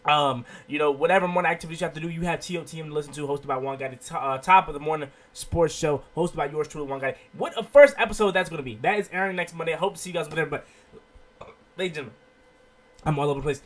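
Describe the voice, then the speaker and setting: An excitable man with a high voice hosts his own sports show and rambles through breaking news. He keeps tacking "okay?" onto his sentences and sounds a bit under the weather. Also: rapid-fire. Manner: excitable, rambling, repeats 'okay?' often. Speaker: sports video host. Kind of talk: excited casual sports commentary.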